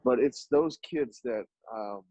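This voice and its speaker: A husky-voiced man from Dallas telling animated stories as a podcast guest. He acts out the dialogue and his voice jumps up when he quotes other people. The recording is dry and a little muffled. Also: slow pace, no echo. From Oak Cliff, Dallas, Texas. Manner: animated storyteller who acts out dialogue with sudden jumps in pitch. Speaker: podcast guest, artist and business owner. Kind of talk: storytelling in a conversational interview.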